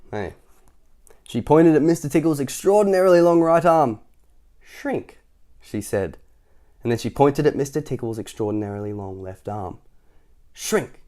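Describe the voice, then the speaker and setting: A man's voice: on the low side, mellow. Chatty man reading a picture book aloud. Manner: chuckling, chatty asides to young listeners. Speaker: storytime reader.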